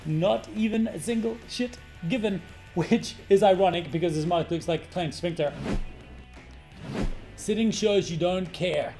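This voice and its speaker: A middle-aged man coaching on presentations in a brash, animated vlog style, swearing freely for emphasis. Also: high voice, measured pace. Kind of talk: energetic talking-head vlog. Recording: faint guitar music underneath.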